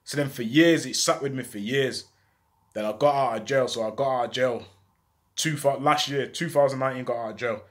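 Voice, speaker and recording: A man telling a true story from his own life in casual, slang-heavy street talk, with an animated delivery. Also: medium pitch, brisk.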